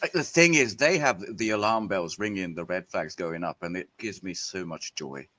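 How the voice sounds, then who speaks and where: A man hosting a podcast panel, talking in a blunt, excitable, halting way and swearing at times. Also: low voice. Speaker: podcast host. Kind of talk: casual panel discussion.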